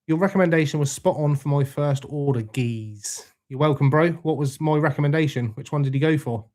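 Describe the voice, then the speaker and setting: A man's voice: fairly high pitch, fairly quick, a little mellow. A young man hosting a casual livestream, greeting viewers by name, laid-back and swearing freely. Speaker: livestream host reading chat. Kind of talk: casual live chat.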